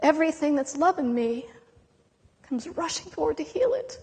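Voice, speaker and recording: A woman giving an emotional spiritual talk about a vision, intense and impassioned, with slow dramatic pauses. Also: sits high, a little mellow. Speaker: spiritual speaker. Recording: long reverb of a hall.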